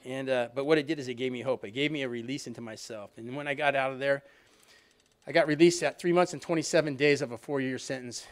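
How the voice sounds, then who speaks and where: A middle-aged man speaking fast to an audience as he tells his own recovery story. His delivery is conversational and loose, full of restarts and asides to the listeners. His pitch sits in an ordinary middle range for a man. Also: fairly even intonation. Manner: conversational storytelling, frequent "you know what I mean", restarts. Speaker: alumni reunion speaker.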